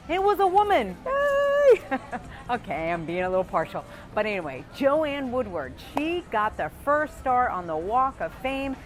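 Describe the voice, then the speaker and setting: Woman host, bubbly and laughing, high voice, very animated, outdoors on a street, faint music behind. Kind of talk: lively presenting to camera.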